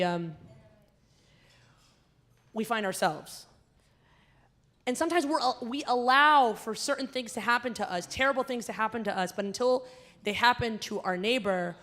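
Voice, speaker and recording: A young woman from the American South, emceeing a gala as a comedian, telling an animated story on a stage microphone in a large hall. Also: medium pitch. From Southern United States. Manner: animated storyteller, loud acted-out outbursts in quoted lines. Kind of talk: storytelling stand-up set. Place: large performing arts hall at a gala dinner.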